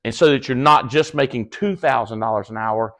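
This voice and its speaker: A man giving a casual motivational talk to his team, folksy and blunt, swearing and laughing often as he tells stories. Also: a little fast. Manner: animated storyteller, acts out quoted dialogue in high excited voices. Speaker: business leader speaking to his team. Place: cabin event room with a live audience.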